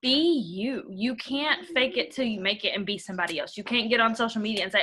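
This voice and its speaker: A woman's voice: on the high side, brisk, few pauses, a crowd in the background. A young woman, giving a rambling, blunt motivational training talk to her team. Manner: rambling, blunt, uses y'all.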